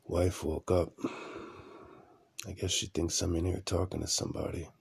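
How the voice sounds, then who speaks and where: Deep, creaky and husky, a man's voice holds a level tone at a moderate pace as he podcasts from home at night. His long, casual story wanders bluntly, with phrases repeated for emphasis.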